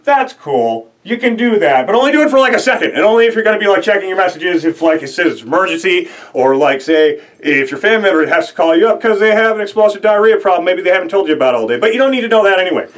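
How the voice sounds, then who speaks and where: A young man hosting a show, delivering an excitable comedic rant full of rambling fillers. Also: sits high, quick pace, few pauses. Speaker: host.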